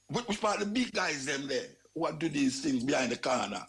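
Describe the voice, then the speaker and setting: A man's voice: a little high, big pitch swings, a little fast, gravelly, hardly any pauses, fairly bright tone. A man with a Jamaican accent, hosting a talk show and ranting about crime in casual, repetitive, emphatic commentary. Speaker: radio talk show host.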